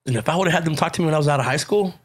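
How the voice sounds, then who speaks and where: A man with a Chicano English accent telling stories in a casual chat, animated, swearing and laughing. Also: a little high, very fast, breathy edge. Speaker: podcast guest, actor and comedian.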